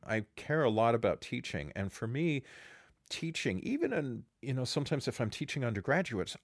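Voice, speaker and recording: A middle-aged man co-hosting a podcast, talking in a casual intellectual way, animated and slipping into quick acted quotes. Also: on the low side, dry recording, clean studio sound. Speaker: podcast co-host and teacher.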